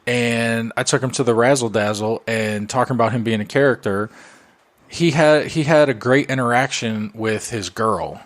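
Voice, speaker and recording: A man's voice: medium pitch, moderate pace. A man co-hosting a podcast, telling a rambling story in casual, profane chat. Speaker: podcast co-host.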